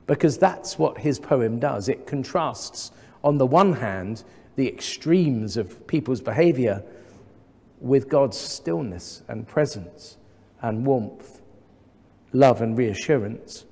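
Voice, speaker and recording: An English man in his thirties preaching a sermon as the new vicar, measured and gently humorous, with rhetorical questions to the congregation. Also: mid-range voice, expressive. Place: large church. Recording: long church reverb.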